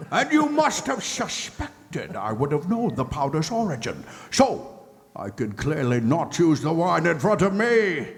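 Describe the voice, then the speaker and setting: A man's voice: a little high, wildly swooping pitch, unhurried, full character voice. A man playing a pompous, self-satisfied schemer in a live stage reading, laughing at his own cleverness. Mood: smug. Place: convention stage. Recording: reverberant convention hall.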